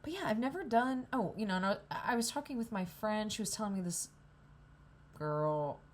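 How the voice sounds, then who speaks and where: A woman's voice: mid-range voice, animated, normal speed. A young woman rambling in a candid, profane vlog at a coffee shop, hungover. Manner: rambling, profane, self-deprecating. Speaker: vlogger.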